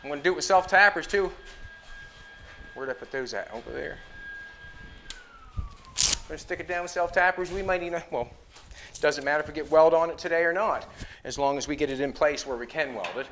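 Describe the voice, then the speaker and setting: A man's voice: a little high, brisk, pauses often, a bit bright, a little hiss or hum. A middle-aged man building a car in his garage, rambling and thinking aloud to the camera as he fits and tacks metal. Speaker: car builder and show host. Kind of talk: casual shop talk while working. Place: garage workshop.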